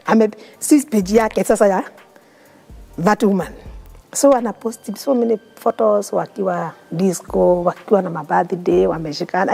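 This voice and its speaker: A woman's voice: mid-range voice, normal speed, creaky, warm tone, breathy edge. A woman with a Kenyan accent, a guest in an interview telling her personal story in an earnest, heartfelt way. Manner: mixes English and Swahili, earnest and heartfelt.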